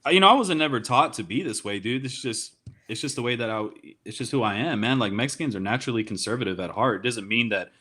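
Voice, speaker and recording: A man's voice: mid-range voice, expressive, quick pace, pushed and bright, breathy edge. A man chatting casually on a podcast, telling rambling stories full of swearing and getting heated. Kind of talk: casual profane chat.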